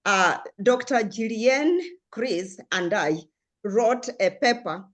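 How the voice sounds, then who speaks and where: A woman's voice: fairly high pitch, expressive, slow. An older woman from Africa, speaking as a panelist in a discussion, passionate and earnest, with frequent restarts.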